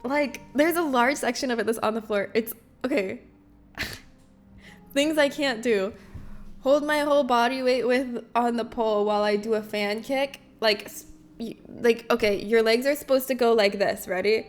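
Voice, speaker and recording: Her voice sits on the high side at normal speed as this young livestream host chats with viewers. Bubbly and self-mocking, she laughs a lot and reads their chat messages out loud.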